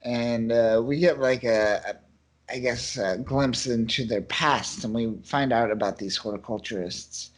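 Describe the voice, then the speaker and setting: A man co-hosting a podcast, chatting casually about comics in a relaxed way, chuckling and slipping into mock voices. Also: medium pitch, measured pace. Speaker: podcast co-host. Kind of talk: casual comic-book discussion.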